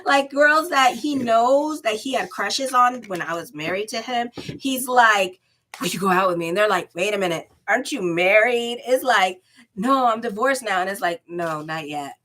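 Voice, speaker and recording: A woman's voice: on the high side, normal speed, fairly bright tone. A middle-aged woman astrologer rambling candidly and laughing often between tarot horoscope readings. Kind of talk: casual chatty horoscope vlog.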